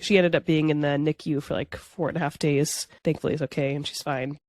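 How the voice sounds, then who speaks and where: Chatty young woman, low voice. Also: fairly even intonation, brisk, darkish tone. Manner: chatty, peppered with "like", acts out her own quotes. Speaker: podcast guest. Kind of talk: casual storytelling.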